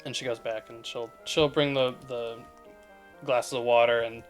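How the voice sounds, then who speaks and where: A man narrating as game master of a tabletop game, pausing often with ums and restarts. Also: mid-range voice, little pitch movement, faint music behind. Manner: hesitant, many ums and restarts.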